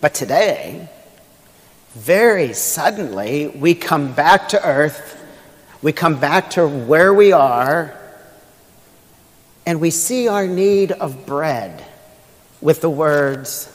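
Male pastor, unhurried and chatty in the pulpit, joking and asking questions; sanctuary echo. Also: fairly high pitch, lively intonation. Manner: conversational, humorous, rhetorical questions. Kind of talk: sermon. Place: church sanctuary. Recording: long church hall reverb.

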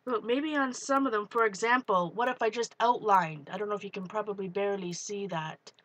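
A woman hosting a live art stream, chatting excitedly as she works and greets viewers. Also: medium pitch, fairly quick. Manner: excitable, talks while working, greets viewers. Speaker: art livestream host. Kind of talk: live crafting demo, chatty.

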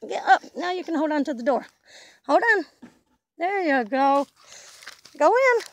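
A woman's voice: high-pitched, animated, a little slow. An older woman, a grandmother, talking baby talk to her toddler grandson in a sing-song, coaxing, playful way, outdoors in a back yard.

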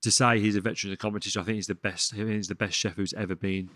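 Fast-talking excitable chef from the West Midlands. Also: male voice, fairly low pitch, dry recording. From England, West Midlands. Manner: rapid, excitable, swears freely, says "mate" often. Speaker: chef, podcast guest. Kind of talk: casual interview chat.

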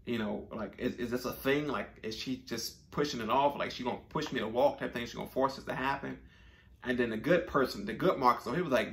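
A man tells a personal story in a relaxed, conversational way. His voice has a gravelly, creaky edge. He uses slang and often circles back to repeat himself. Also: medium pitch, a little fast. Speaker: storyteller vlogger. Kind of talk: casual storytelling.

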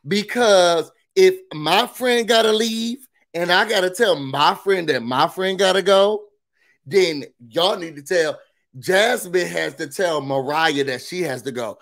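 A man's voice: high-pitched, unhurried, fairly bright tone. A man hosting a casual reality TV recap, talking in an emphatic, opinionated way with blunt asides.

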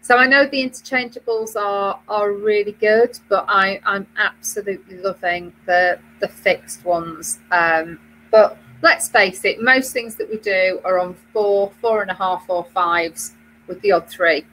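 A woman's voice: mid-range voice, fairly even intonation, measured pace, a bit bright, a little hiss or hum, low-quality recording. A British woman co-hosting a knitting web show, chatting casually with many fillers and restarts. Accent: British English. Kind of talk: casual chat.

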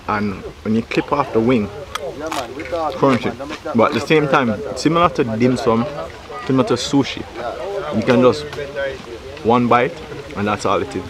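A man hosting a food vlog, tasting dishes at an outdoor riverside cookout and describing them with frequent exclamations and appreciative hums. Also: on the low side. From Jamaica. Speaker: food vlogger host. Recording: loud crowd chatter outdoors.

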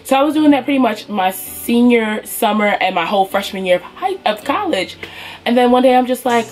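A young woman getting over a cold, telling her hair story in a casual, animated vlog and speaking to viewers as y'all. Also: fairly high pitch, a little fast, soft background music. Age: young adult. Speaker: beauty vlogger.

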